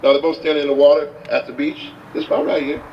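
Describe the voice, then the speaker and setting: A man giving a motivational talk, telling a story with animated delivery and acting out the characters, recorded from a distance with dull sound. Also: on the high side, fast talker. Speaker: motivational speaker. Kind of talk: storytelling speech. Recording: distant, dull, faint hiss.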